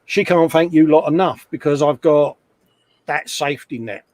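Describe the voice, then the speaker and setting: A man's voice: on the high side, moderate pace, darkish tone, no room sound. A middle-aged man hosting a casual live chat from his hobby workshop, chatty and self-mocking, often laughing at himself. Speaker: livestream host. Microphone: desk microphone.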